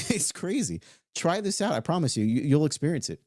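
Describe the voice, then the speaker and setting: A man's voice: fairly high pitch, sing-song, a little fast, darkish tone, no room sound, clean studio sound. A man giving a loose, conversational motivational talk, now and then swearing and stretching out words. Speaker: self-help speaker.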